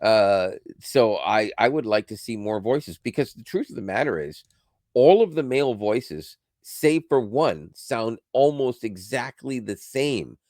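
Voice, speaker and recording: A man's voice: mid-range voice, lively intonation, measured pace, darkish tone, no echo, studio quality. A man co-hosting a podcast, chatting casually about tech, rambling and correcting himself as he goes and laughing often. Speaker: podcast co-host.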